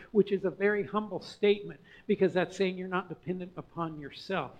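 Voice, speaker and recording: A male pastor preaching a sermon in a conversational way, building to emphatic swells and dropping to hushed, quiet lines. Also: sits high, brisk, few pauses, highs cut off, slight background noise.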